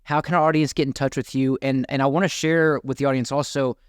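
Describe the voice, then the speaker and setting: A man's voice: medium pitch, fairly even intonation, quick pace, clear, resonant tone, no room sound, clean studio sound. A man hosting a podcast interview, enthusiastic and rambling, often restarting his sentences. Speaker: podcast host.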